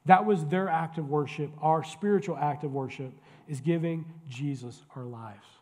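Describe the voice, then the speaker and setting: Higher-voiced pastor preaching in a reverberant church. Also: male voice, normal speed, a little mellow. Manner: conversational, joking, questions the congregation directly. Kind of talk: sermon. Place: church sanctuary. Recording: long church hall reverb.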